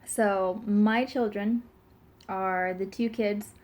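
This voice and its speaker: A woman's voice: mid-range voice, steady tone, slow pace, a little mellow. A young pregnant woman in her twenties chatting casually to camera, rambling with lots of fillers and giggles. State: pregnant, burping now and then. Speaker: vlogger.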